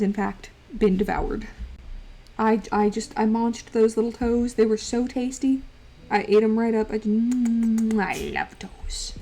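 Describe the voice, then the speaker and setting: A woman's voice: a little high, mellow. A woman livestreamer chatting playfully, slipping into doting baby talk and giggling. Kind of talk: casual stream chat.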